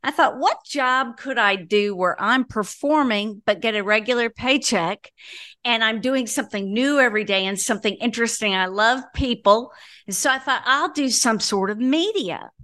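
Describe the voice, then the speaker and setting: Middle-aged woman from indiana spinning an animated story, laughs at herself, dry close sound, a bit high. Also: normal speed, dry recording. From Indiana, USA. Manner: animated, self-deprecating, laughs while telling. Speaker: guest, radio broadcaster. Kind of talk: storytelling in an interview.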